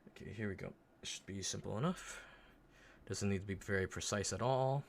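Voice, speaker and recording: A man streaming live and chatting casually with his viewers while he paints a miniature, swearing often and muttering quietly as he concentrates. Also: on the low side, fairly quick, creaky, a little hiss or hum. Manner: relaxed, swears often, talks to chat while working.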